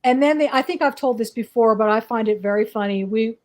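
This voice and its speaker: Speaking a little fast with a fairly high, slightly mellow voice, a psychic guest from the northeastern US makes casual conversation. Her talk is rambling and hesitant, packed with fillers.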